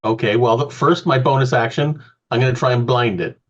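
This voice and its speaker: A man's voice: mid-range voice, a little fast, dull audio. A man playing a tabletop game, thinking aloud hesitantly as he works out his turn. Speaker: player.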